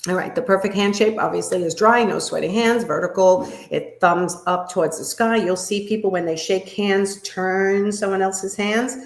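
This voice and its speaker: A woman body language coach giving a live workshop, talking in a demonstrative way and shifting her pitch and volume to make her points. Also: normal speed, few pauses. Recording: echoey room.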